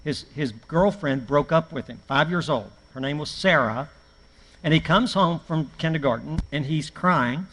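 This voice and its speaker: A man's voice: on the high side, measured pace, a bit bright, a little hiss or hum. A middle-aged man, a preacher, teaching a church class in a folksy, anecdotal way with self-mocking humor. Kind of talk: conversational church class talk. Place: church hall. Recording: long hall reverb from a live church stream.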